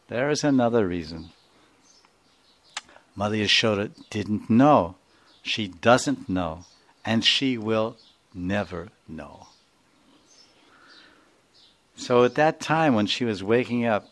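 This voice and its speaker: A man giving a sermon, telling a devotional story and explaining its terms. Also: fairly low pitch. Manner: explains terms, laughs, acts out figures.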